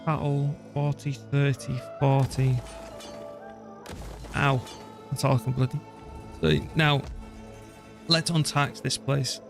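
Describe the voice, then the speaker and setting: A man's voice: medium pitch, little pitch movement, takes it slowly, vocal fry, pauses often, music in the background. A man, casually talking through a strategy game he is playing and muttering to himself as he goes. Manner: chatty, muttering to himself, mild swearing. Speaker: streamer. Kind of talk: casual gameplay commentary.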